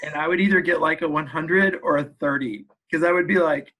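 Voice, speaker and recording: A man with a slightly raised voice talks in a relaxed interview, full of laughter and quick impressions of old coworkers. He tells stories with bounce and energy. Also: a little high, poor audio. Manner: animated storyteller, laughs often, mimics voices. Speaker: hotel sales leader, podcast guest. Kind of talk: casual interview chat.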